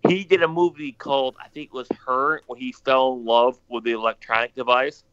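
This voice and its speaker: A man's voice: medium pitch, steady tone, brisk, a bit bright, clear, resonant tone, dry recording, lo-fi sound. Rambling, cursing male livestream host. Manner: profane, rambling, repeats himself. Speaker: podcast host. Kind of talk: casual livestream chat.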